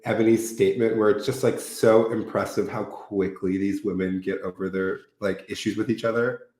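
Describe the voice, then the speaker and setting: A man's voice: on the low side, steady tone, moderate pace, crowd noise. A young man co-hosting a podcast, chatting casually about reality TV with playful, sarcastic asides and laughter. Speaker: podcast co-host. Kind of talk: casual chat recapping reality TV. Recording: roomy echo.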